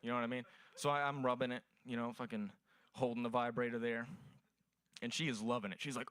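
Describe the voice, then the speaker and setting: A man's voice: mid-range voice, level tone, fast talker, a bit bright, no echo. A young man performing a crude stand-up set at an open mic, telling profane stories. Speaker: stand-up comedian.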